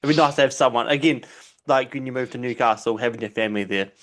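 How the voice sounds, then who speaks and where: Male podcast host, mid pitch, casual and encouraging. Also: quick pace, a bit bright. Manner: chatty, laughs along, brief encouraging replies. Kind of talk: casual interview.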